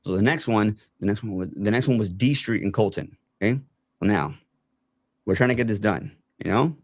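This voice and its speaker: A man's voice: on the low side, fairly quick, no echo. A man casually telling a long personal story, acting out what other people said along the way. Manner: animated retelling, acts out other people's lines. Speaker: guest telling his story.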